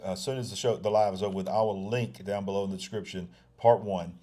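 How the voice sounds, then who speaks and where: A man's voice: on the low side, steady tone, quick pace, dark tone. A man hosting a live talk show. He speaks in a folksy way, repeats himself often, and addresses his viewers directly. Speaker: host of a live news show. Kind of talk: casual live-stream talk.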